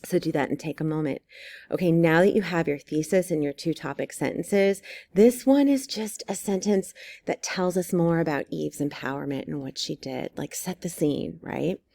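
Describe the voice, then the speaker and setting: A woman teacher walking students through an essay outline step by step, encouraging and full of ums and quick check-ins. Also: low-pitched, creaky, warm tone. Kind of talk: recorded writing lesson walkthrough.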